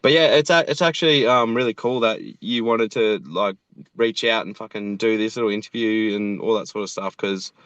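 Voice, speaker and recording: An Australian man in his thirties, laid-back and rambling, who swears freely in casual chat. His voice is fairly low and sits dry and close, with a dull, lo-fi tone. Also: a little fast, fairly bright tone, smooth, no room sound. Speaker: animator and show creator, guest.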